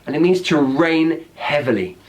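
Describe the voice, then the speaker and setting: Chatty British man, rather high voice. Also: animated, normal speed, background noise. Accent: British English. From Britain. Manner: chatty, teacherly, acts out example phrases. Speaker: English slang teacher. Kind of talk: explaining slang words with examples.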